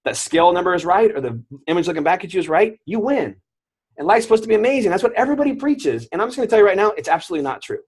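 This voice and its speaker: A man in his thirties, a guest on an interview show, telling his own story with animated quoted voices. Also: high voice, racing, slightly rough.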